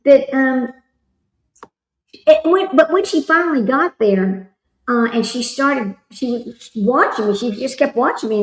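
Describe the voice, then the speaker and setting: Commenting on a trial during her livestream, a chatty woman wanders between topics and reads viewers' chat messages out loud in a casual way. Her voice is gravelly and a bit higher than average. There's a noticeable echo in the room around her.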